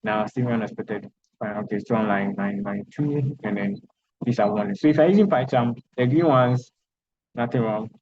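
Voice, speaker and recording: A man with a Ghanaian accent teaching programming in an online lecture, talking in a halting way with many restarts and repeated words. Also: on the low side, darkish tone, slight background noise. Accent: Ghanaian English. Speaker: programming instructor. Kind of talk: online lecture with screen sharing. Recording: dull lo-fi online call audio.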